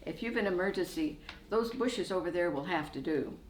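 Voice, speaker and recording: A woman's voice: lowish voice, expressive, normal speed, roomy sound, slight background noise, close to an everyday voice, rough recording. A woman voicing a polite, friendly young Irish man in old-fashioned clothes, courteous and calling her miss.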